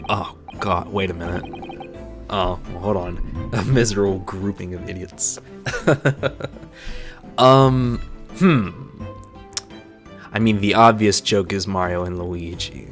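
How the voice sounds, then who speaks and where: A man's voice: sits low, slow, pauses often, soft background music. A man streaming a game, cracking jokes and profane asides between voicing characters. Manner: joking, laughing, profane asides. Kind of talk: live-stream chat and voice acting.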